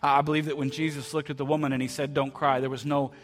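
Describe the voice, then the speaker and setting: A man preaching a heartfelt sermon in a church, often repeating words and dropping to a soft voice for quoted lines. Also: on the high side, flat delivery, fast talker, slight background noise. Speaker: pastor. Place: church sanctuary.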